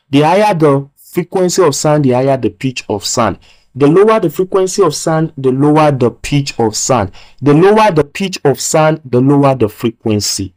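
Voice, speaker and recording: A man's voice: on the high side, a little mellow, rough recording. Man lecturing with rhetorical questions. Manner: asks rhetorical "what?" questions and repeats key phrases; slow, emphatic stress on key words. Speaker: physics teacher. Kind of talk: recorded video lecture.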